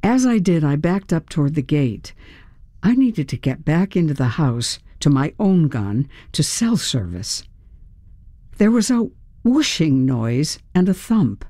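A woman reads a first-person thriller aloud, slow and deliberate, her pitch moving widely to carry the tension. Her tone is dark and mellow, and the recording is close and dry. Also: no room sound. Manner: measured, expressive, tense storytelling. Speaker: audiobook narrator. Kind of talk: first-person audiobook narration.

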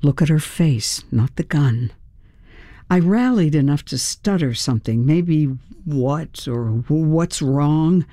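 A woman narrating a first-person audiobook in a measured, expressive, tense storytelling manner. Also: low-pitched, no room sound, clean studio sound.

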